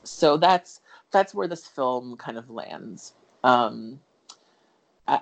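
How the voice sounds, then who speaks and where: A man's voice: on the high side, vocal fry. Rambling man reviewing a film casually. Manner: rambling, full of fillers and restarts; candid, swears casually. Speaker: podcast co-host.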